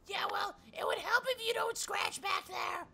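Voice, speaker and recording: A woman voicing a whiny, raspy talking neck. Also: very high-pitched, fairly even intonation, moderate pace, sharp tone, faint music behind, pitched above the performer's own voice, exaggerated voice. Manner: whiny complaining. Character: the sore, grumbling back of a neck, unloved.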